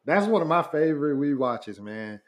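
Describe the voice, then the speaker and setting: A man's voice: a little high, very animated, moderate pace, lo-fi sound. A man co-hosting a podcast, joking around in casual, slangy talk. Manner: joking, slangy, laughs easily. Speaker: podcast co-host. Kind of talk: casual chat.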